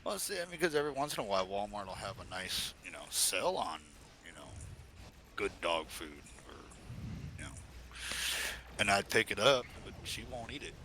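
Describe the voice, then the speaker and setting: Male stream co-host, deep and bright; laid-back rambler, lots of "you know". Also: very animated, normal speed, a little hiss or hum. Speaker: podcast co-host. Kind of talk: casual chat on a live game stream.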